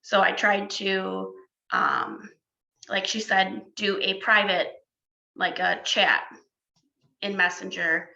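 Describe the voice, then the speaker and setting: A woman's voice: mid-range voice, big pitch swings, slow pace, gravelly, long pauses, pushed and bright. A young woman, a new fitness coach, chatting casually on a live stream with lots of fillers and restarts, recorded through a video-call mic. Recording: roomy, slightly dull sound.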